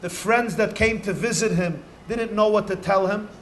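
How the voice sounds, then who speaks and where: A man, a rabbi, telling stories to children in an animated way, stretching key words for emphasis. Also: sits high, normal speed, slight background noise. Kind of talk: storytelling talk to children.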